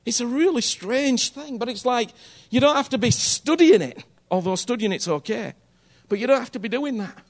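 A man's voice: extremely high pitch, lively intonation, normal speed, hardly any pauses. A man preaching a sermon in a conversational, earnest way, often checking in with his listeners and repeating phrases for emphasis.

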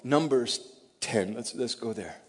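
A middle-aged man preaching a sermon, emotional and tearful, swinging from loud emphatic peaks to soft near-whispers. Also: medium pitch, animated, measured pace, slight background noise. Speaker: pastor. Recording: long reverb of a large hall.

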